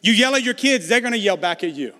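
A man's voice: high-pitched, lively intonation, fast talker, sharp tone, long reverb tail. A man preaching a conversational sermon as pastor, building emphasis through repetition.

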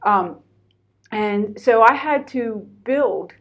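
A woman's voice: on the high side, animated, extremely slow, highs cut off. A middle-aged woman from Pennsylvania, a guest telling her own story candidly and animatedly, with lots of fillers. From Pennsylvania, USA. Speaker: interview guest. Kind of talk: personal storytelling in conversation.

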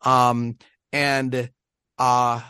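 A man's voice: mid-range voice, flat delivery, drawn-out words, sharp tone, clear, resonant tone, no room sound, studio quality. Rambling, laughing American man. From United States. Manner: rambling, many restarts and laughs. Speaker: podcast co-host. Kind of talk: casual chat.

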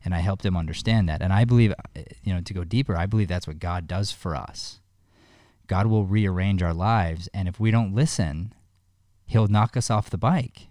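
A man with a very deep voice speaks in earnest. He tells a story and offers advice, often restarting his sentences. The sound is close and dry. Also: moderate pace, darkish tone, no echo. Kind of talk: heartfelt one-on-one conversation.

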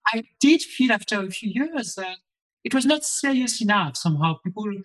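A man's voice: high-pitched, expressive, moderate pace, fairly bright tone, poor audio. A middle-aged man from France with a French accent, answering interview questions as a philosophy professor, thoughtful and prone to repeating himself as he restarts sentences. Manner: thoughtful, with frequent repetitions and restarts.

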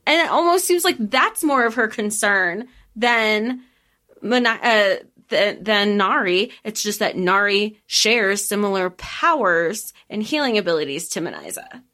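A woman co-hosting a podcast, talking over a book in an animated, casual way with some swearing. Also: medium pitch, a little slow. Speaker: podcast co-host.

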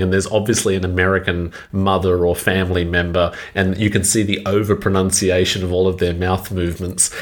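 A man, co-hosting a podcast in playful, animated casual chat. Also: low voice. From Australia. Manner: playful, animated, laughs often. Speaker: podcast co-host.

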